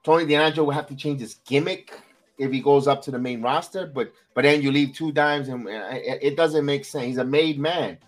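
A man hosting a wrestling recap podcast in casual chat, animated and repeating himself for emphasis. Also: medium pitch, brisk, soft background music. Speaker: podcast host.

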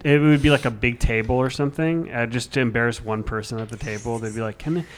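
A man's voice: medium pitch, steady tone, quick pace. A man chatting casually in a group, telling rambling anecdotes full of casual swearing.

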